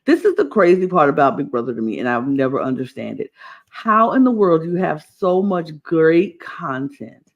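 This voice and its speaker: Man, high voice, podcast co-host, emphatic ranting, casual chat. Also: normal speed, gravelly, highs cut off. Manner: animated, emphatic ranting with repetitions.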